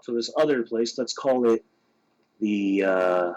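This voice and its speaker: A man's voice: on the low side, takes it slowly, dull audio. A man on a podcast telling a story casually, laughing and acting out his friends' lines. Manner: animated, laughing, voices friends in quotes. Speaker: podcast co-host.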